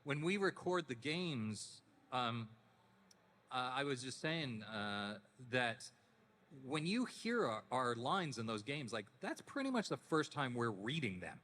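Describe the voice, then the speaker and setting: A man in his fifties, a voice actor guest at a panel, telling stories casually in a deepened, relaxed voice with frequent restarts. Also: measured pace, a little hiss or hum. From Canada. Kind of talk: casual anecdotal panel talk. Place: convention panel hall. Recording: echoey convention hall.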